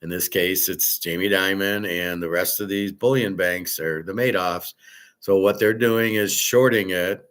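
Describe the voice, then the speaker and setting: A man's voice: deep voice, fairly even intonation, unhurried, a bit bright. A man hosting a show, ranting bluntly and profanely in commentary. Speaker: show host.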